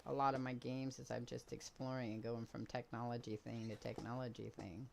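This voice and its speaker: Older lady streaming a game w her daughter, super low voice, laughs a lot. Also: level tone, brisk, gravelly, a little hiss or hum. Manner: chatty, laughs easily. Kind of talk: casual gameplay chat.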